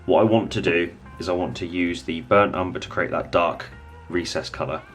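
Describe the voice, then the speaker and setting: Deep-voiced man teaching miniature painting. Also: moderate pace, faint music behind. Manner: relaxed, rambling, thinks aloud while working. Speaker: painting tutor. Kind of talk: casual hobby tutorial.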